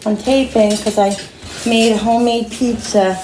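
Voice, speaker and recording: A woman's voice: on the high side, steady tone, moderate pace, a little mellow, a little hiss or hum. A woman hosting a casual home cooking vlog, chatting to viewers as she tastes her food in her kitchen. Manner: chatty, talks to viewers while eating. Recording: echoey kitchen with clattering dishes.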